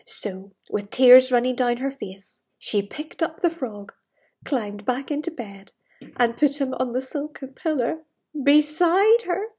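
A woman storyteller reads a fairy tale to young children. Her voice is high and a bit husky. She is animated, gasping and dropping into hushed asides. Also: takes it slowly. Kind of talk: children's story time reading.

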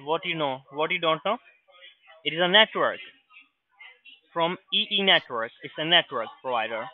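A man's voice: fairly high pitch, lively intonation, moderate pace, no room sound. Tinny-phone man, scam caller, raised voice. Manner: angry, shouting obscene insults. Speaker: phone scammer.

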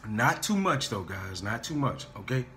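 A man teaching a singing lesson, talking his students through warm-up scales and encouraging them, often stopping to repeat himself and say "okay?" and "guys". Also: medium pitch, very animated, normal speed, soft background music. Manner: restarts and stammers while explaining.

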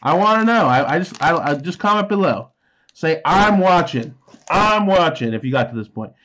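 A man's voice: on the high side, expressive, moderate pace, fairly bright tone. A man in his thirties casually chatting while opening trading card packs, reading card names aloud and making sound effects. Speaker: card unboxing host.

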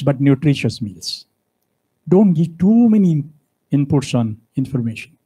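A man delivers a university lecture. His voice is mellow and husky, and he presses his points hard, stopping often to ask the audience rhetorical questions. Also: mid-range voice, big pitch swings, unhurried, low-quality recording. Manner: emphatic, preachy, fond of rhetorical questions. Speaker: guest speaker.

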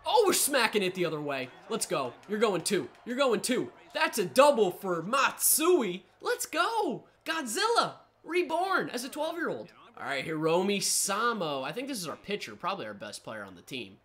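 A woman giving excitable live commentary over a baseball video game, talking to the players on screen. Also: medium pitch, moderate pace, few pauses. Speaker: gaming channel host.

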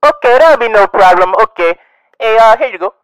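A man playing a bumbling male phone support agent who talks loudly, stammers and repeats himself. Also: high-pitched, animated, racing, no room sound, poor audio. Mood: flustered. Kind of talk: comedy sketch.

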